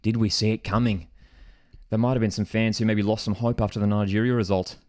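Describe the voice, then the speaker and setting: Excitable man reacting live to football. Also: on the low side, brisk, no room sound, clean studio sound. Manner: excitable, disbelieving, rises sharply when outraged or celebrating; reads out viewer comments. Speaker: host of a live football watchalong. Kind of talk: live match reaction and chat commentary.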